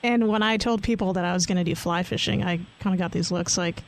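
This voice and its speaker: Casual chat, cancer survivor, mid pitch, fillers and restarts. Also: fairly even intonation, fast talker, gravelly, poor audio. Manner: chatty, with frequent fillers and restarts.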